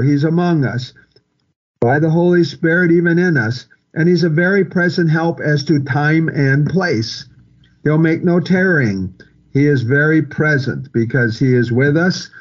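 A man preaching a sermon, quoting and repeating scripture in a measured, earnest way. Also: on the high side, highs cut off. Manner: slow, repetitive preaching with scripture quotes.

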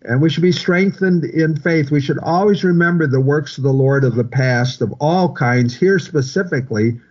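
A man's voice: on the high side, normal speed, darkish tone. A man preaching an expository sermon verse by verse, earnest and repetitive, often restarting phrases for emphasis. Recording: muffled lo-fi recording.

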